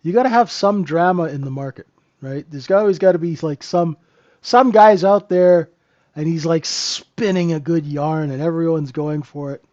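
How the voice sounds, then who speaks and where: A man's voice: on the high side, moderate pace, darkish tone, muffled recording. A man hosting a live trading room, giving casual, joking market commentary and answering viewers by name. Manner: chatty, joking, talks to chat viewers by name.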